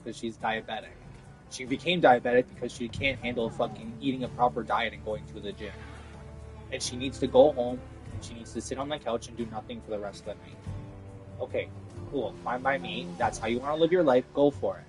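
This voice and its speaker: A man's voice: mid-range voice, a little fast, faint music behind, poor audio. A young adult man venting in an agitated, profane, repetitive rant to the camera. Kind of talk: ranting monologue.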